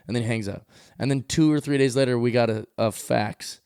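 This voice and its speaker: A male comedian is telling a story on a podcast, relaxed but animated. He slips into the voices of the people in the story. The recording is dry and close. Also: mid-range voice, quick pace, no room sound. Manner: animated, acts out quoted voices. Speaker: comedian guest.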